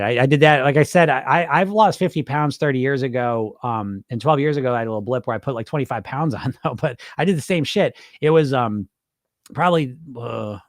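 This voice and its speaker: Play him as a casual middle-aged weight coach, rambling and swearing loosely. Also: male voice, mid-range voice, no room sound, studio quality. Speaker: weight loss coach hosting a live stream. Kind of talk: casual live-stream chat reading viewer comments.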